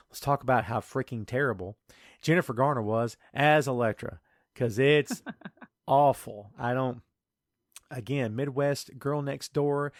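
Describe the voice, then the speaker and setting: A man's voice: medium pitch, dry recording, studio quality. A man hosting a podcast in casual chat, ranting in an exasperated way. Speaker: podcast host.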